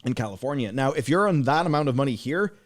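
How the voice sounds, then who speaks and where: A man's voice: medium pitch, expressive, fast. A man, co-hosting a livestream in casual, rambling, sardonic chat full of fillers. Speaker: livestream co-host.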